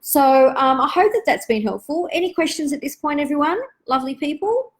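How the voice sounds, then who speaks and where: A woman, hosting a live online Q&A for parents in a gentle, reflective, chatty way with many asides. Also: high voice, expressive, fairly quick, background noise.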